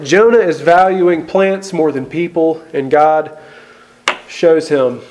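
A man's voice: fairly high pitch, slow pace, darkish tone. A man, a pastor, preaching an earnest sermon full of questions and emphatic rises.

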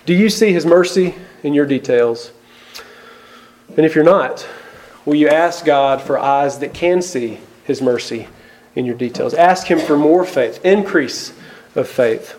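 A man's voice: fairly high pitch, measured pace, a little mellow. A man, a pastor, preaching an earnest sermon full of questions and emphatic rises.

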